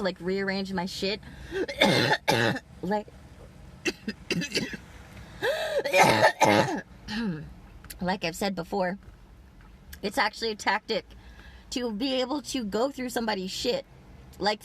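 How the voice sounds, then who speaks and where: A woman's voice: mid-range voice, very animated, slow pace, pauses often, a bit bright. A woman talks straight to her camera in a long, meandering monologue. She is agitated and swears constantly, and her sentences are crowded with fillers. A faint hum of noise sits behind her voice. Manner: profane, rambling, agitated storytelling with many fillers. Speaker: vlogger. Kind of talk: rambling personal monologue. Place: outdoors in a big parking lot.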